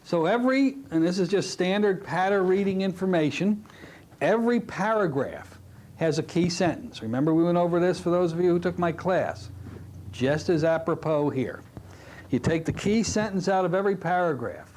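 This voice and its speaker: A middle-aged man teaching a recorded hypnotherapy lesson, telling stories from his practice in a lively way. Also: high voice, moderate pace. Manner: animated storytelling, drops to a soft hypnotic voice when demonstrating. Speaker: hypnotherapy instructor. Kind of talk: recorded training lecture.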